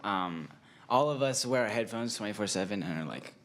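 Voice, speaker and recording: A man's voice: lowish voice, animated, fairly quick, fairly bright tone. A young man, a band member, answering interview questions in an easygoing, thoughtful way with frequent fillers.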